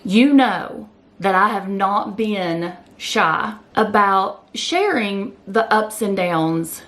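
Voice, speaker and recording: Woman, vlogger, candid personal chat, slow pace, repeats phrases, near tears. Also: medium pitch, animated, fairly bright tone. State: close to tears. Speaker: keto vlogger. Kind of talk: emotional personal chat to camera.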